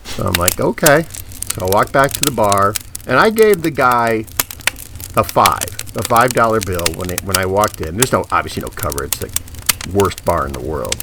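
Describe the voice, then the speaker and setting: A low-voiced man tells a story in a lively, animated way, jumping up and down in pitch as he acts out the voices of other people. A steady noise sits behind his voice. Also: moderate pace, creaky. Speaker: guest telling a story. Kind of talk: casual storytelling.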